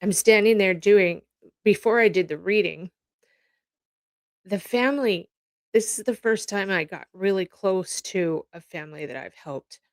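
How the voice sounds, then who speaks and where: A woman's voice: medium pitch, measured pace, dry recording. A woman from Canada hosting a casual commentary from home, telling stories in a rambling, heartfelt way that verges on tears. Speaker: host reacting to news clips.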